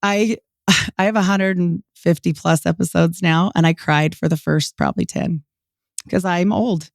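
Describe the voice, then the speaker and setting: A woman in her forties from Utah, a podcast guest telling her story in a lively way, acting out what people said and laughing often. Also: fairly low pitch, moderate pace, gravelly, no room sound, clean studio sound. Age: 40s. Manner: animated, quotes people in lively voices, many "like" fillers. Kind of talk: storytelling interview.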